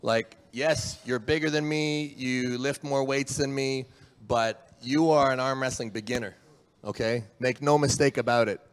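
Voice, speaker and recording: A man's voice: mid-range voice, steady tone, unhurried, clean tone, big-room sound. A man from Canada, an arm wrestler, boasting and teasing his opponent at a press conference. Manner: cocky, playful, boastful taunting. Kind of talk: press conference trash talk.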